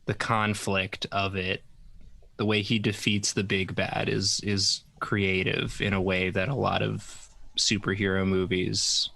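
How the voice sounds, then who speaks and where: A man's voice: fairly low pitch, little pitch movement, measured pace, creaky, sharp tone. A man co-hosting a casual drawing stream, chatting and joking, often restarting his sentences. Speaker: co-host.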